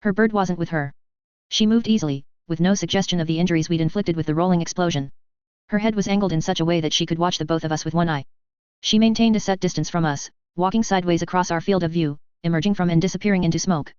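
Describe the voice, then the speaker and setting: Clear, low-voiced woman reading a novel. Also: fast, darkish tone, dry recording. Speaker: audiobook narrator. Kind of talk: first-person novel narration. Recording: slightly dull, dry close recording.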